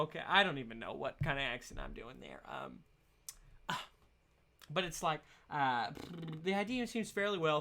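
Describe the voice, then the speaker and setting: A man's voice: on the high side, big pitch swings, normal speed, sharp tone. A young man hosting his solo podcast in a casual, rambling rant, laughing often. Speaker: podcast host.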